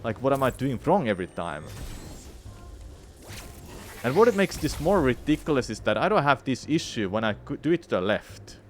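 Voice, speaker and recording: A man's voice: mid-range voice, sing-song, normal speed, pauses often, faint music behind. A young man streaming a speedrun, talking and swearing to himself in frustration while he plays. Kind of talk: live streaming commentary while playing.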